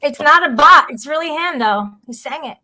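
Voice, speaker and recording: A woman's voice: high voice, animated, normal speed, sharp tone, poor audio. A woman chatting casually on a stream, playful and gossipy. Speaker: streamer in a group voice chat. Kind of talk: casual chat.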